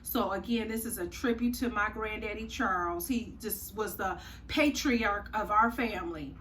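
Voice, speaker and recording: A woman's voice: medium pitch, moderate pace, a bit bright, reverberant. Lady talking thru her greens recipe, folksy, calls you honey, a bit far from the mic, faint hum. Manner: chatty, folksy, says y'all and honey. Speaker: cooking channel host. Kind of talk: casual cooking tutorial. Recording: distant mic, faint room noise.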